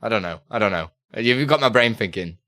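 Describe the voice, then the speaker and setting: Guy rambling on stream, bright voice that bounces all over, laughs a lot. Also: on the low side, lively intonation, a little fast. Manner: chatty and loose, reads chat aloud, laughs often. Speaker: streamer answering chat questions. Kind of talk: casual live-stream chat.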